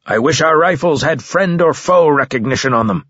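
A man's voice: a little high, animated, moderate pace, fairly bright tone, husky, dry recording, highs cut off, pitched above the performer's own voice. A man voicing a brash, gung-ho soldier. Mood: wry. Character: brash male soldier, heavy gunner, gung-ho. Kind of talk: audiobook character voice.

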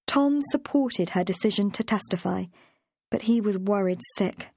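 A woman reading an audiobook chapter in a measured, even storytelling voice. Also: medium pitch, gravelly, dry recording, clean studio sound. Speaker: audiobook narrator. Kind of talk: scripted narration.

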